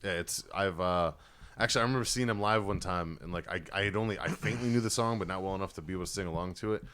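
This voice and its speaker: A man's voice: sits low, fast talker, clear, resonant tone. A man co-hosting a podcast, telling a story casually and swearing often. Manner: swears a lot, animated anecdote-telling. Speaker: podcast co-host.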